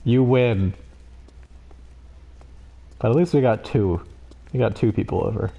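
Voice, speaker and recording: Excitable man streaming a game. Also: medium pitch, a little slow, creaky, lo-fi sound. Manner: excitable, swears, pleads with the game. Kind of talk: live gameplay commentary.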